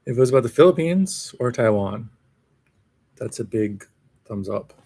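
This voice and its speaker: Streaming live on his own, a man rambles in a sardonic, self-mocking way while reacting to what he reads, a casual solo commentary. His medium-pitched voice is mellow and husky, with lively intonation, vocal fry and normal speed.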